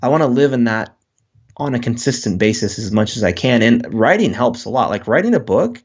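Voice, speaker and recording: A man's voice: mid-range voice, animated, brisk, husky, highs cut off. A man speaking as a guest author in an interview, talking earnestly and candidly about his life, often restarting his sentences. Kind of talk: reflective interview talk.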